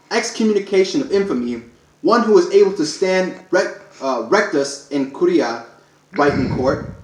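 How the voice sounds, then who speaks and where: A man's voice: a little high, roomy sound, rough recording. A man reading a formal proclamation aloud to camera, stressing each clause one by one and stumbling now and then. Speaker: self-declared speaker reading a public proclamation. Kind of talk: read-aloud declaration to camera.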